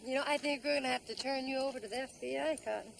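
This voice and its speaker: Sharp-tongued detective, sarcastic, slightly high voice. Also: female voice, fairly even intonation, racing, gravelly, a little hiss or hum, low-quality recording. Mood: scornful. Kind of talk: TV drama acting.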